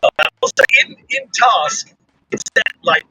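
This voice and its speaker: A man interviewing a guest with upbeat, teasing and flattering questions. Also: high voice, a little slow, faint music behind, low-quality recording. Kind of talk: talk-show interview.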